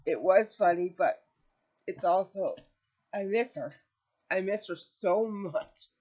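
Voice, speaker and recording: A woman's voice: fairly low pitch, lo-fi sound. A middle-aged woman hosting a craft channel, chatting casually and emotionally telling a family story to viewers.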